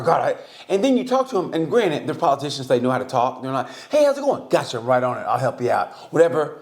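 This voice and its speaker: A man co-hosting a casual comedy podcast, telling stories with lots of laughter and acting out the voices of the people he quotes. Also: on the high side. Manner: animated storyteller, acts out quoted voices, laughs often. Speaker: podcast co-host.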